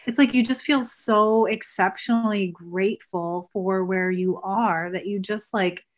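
An earnest woman in a relaxed podcast chat. She speaks in a reflective, heartfelt way, with a mid-range voice. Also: mid-range voice, a little slow. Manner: earnest, reflective, talks about energy and truth. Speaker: guest, former coach. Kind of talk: casual podcast conversation.

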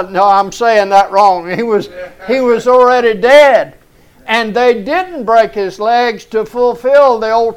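A male preacher delivering a sermon with a high, clear, resonant voice. He takes his time, leaning hard on each phrase and rising to loud, fervent peaks. Small chuckles slip into his preaching. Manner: slow, emphatic preaching that rises and shouts at climaxes, with chuckles.

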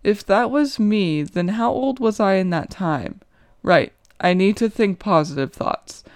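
A woman's voice: mid-range voice, lively intonation, measured pace, dry recording, clean studio sound. A young woman reading her own short story aloud in the first person, with an earnest, emotional, inward delivery.

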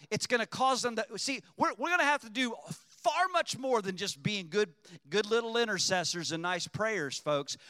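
High bright-voiced preaching man. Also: no echo, big-room sound. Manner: preaching with surges to shouting emphasis. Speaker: pastor. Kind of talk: sermon.

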